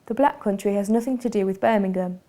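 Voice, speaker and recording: Mellow-voiced woman narrating a documentary. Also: mid-range voice. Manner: measured, formal delivery.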